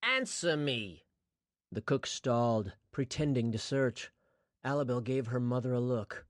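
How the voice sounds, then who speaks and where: A man narrating a fantasy audiobook in a steady, scripted storytelling voice. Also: mid-range voice, moderate pace, no echo, studio quality.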